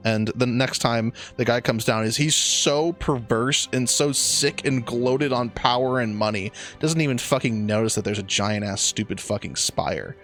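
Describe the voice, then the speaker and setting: A young man improvising a silly story on a podcast, rambling and excitable with plenty of swearing. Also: medium pitch, moderate pace, few pauses, soft background music. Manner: rambling, excitable, swears a lot, many restarts.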